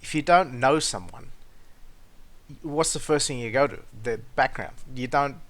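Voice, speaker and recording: A man hosting a show, ranting bluntly and with plenty of swearing, swinging between loud outbursts and low muttering. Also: unhurried. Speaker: podcast host. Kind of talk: casual ranting monologue.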